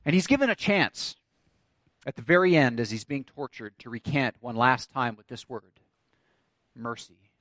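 A man's voice: medium pitch, expressive, normal speed, fairly bright tone, dry recording. A man preaching a sermon, telling a story and building to emphatic declarations. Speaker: pastor.

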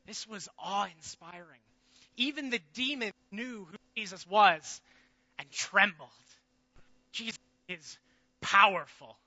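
A man playing the disciple Peter in a dramatic biblical monologue, earnest and shifting from loud to hushed. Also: high-pitched, takes it slowly, pauses often, no room sound, dull audio, full character voice.

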